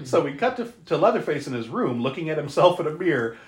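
A podcast co-host casually recapping a movie, animated, laughing often and swearing freely. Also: mid-range voice, brisk, echoey room.

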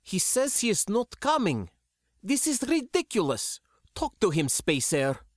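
A man voicing a young woman who is imperious and furious, speaking in high, sharp outbursts. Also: wildly swooping pitch, measured pace, no room sound, clean studio sound, full character voice. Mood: indignant.

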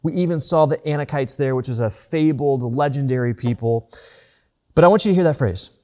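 A man's voice: mid-range voice, mellow. Man preaching an earnest sermon. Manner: earnest preaching, rises and slows to stress scripture. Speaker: pastor. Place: church.

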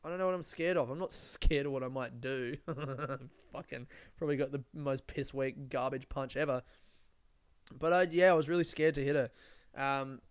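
A man's voice: mid-range voice, fairly even intonation, moderate pace, clear, resonant tone. A young man telling a story in a rambling way, swearing often. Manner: rambling, lots of swearing and fillers. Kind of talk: casual storytelling.

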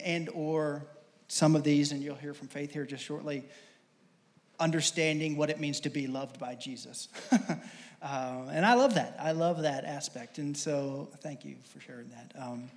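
A pastor hosting a church service, halting and repeating words in a friendly way. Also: male voice, on the high side, in a large hall.

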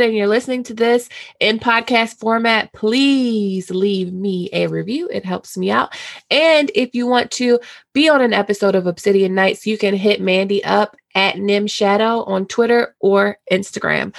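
A woman's voice: mid-range voice, moderate pace, vocal fry, dry recording, clean studio sound. A woman hosting a podcast, chatting casually and bluntly, with plenty of swearing. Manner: blunt, casual and profane, drifts into character voices. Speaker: podcast host.

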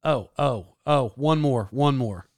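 A man talking in a casual solo monologue. He rambles, restarts and corrects himself, with animated bursts. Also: medium pitch, slow pace, dry recording, studio quality.

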